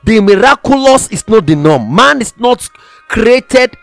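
A man's voice: very high-pitched, sing-song, measured pace, creaky, a bit bright, no room sound, soft background music. A man preaching a sermon, emphatic, repeating phrases for stress and reading scripture aloud in old-fashioned wording.

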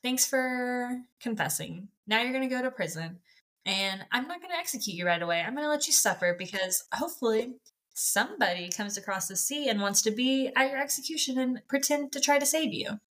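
A woman voicing a cruel, scheming male king with a mocking, drawn-out sarcastic manner while recapping a book. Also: a little high, lively intonation, a bit bright, voice pushed up. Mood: gloating. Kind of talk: casual book-club recap acting out scenes.

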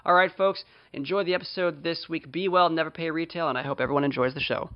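In a casual podcast chat from a small studio, this man is jokey and self-deprecating, rattling off quick promo lines. His slightly high voice holds a steady tone, and the recording has its highs cut off.

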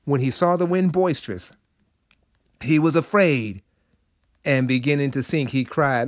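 A man's voice: medium pitch, unhurried, long pauses, no room sound, studio quality. A man hosting a short devotional segment, preaching in a conversational way with sudden rises and drops. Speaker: inspirational segment host.

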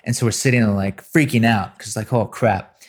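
A young man hosting a podcast, telling a story in a casual, animated way and often breaking into laughter. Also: fairly low pitch, breathy edge. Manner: animated storyteller, quick to laugh, mimics voices. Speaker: podcast host.

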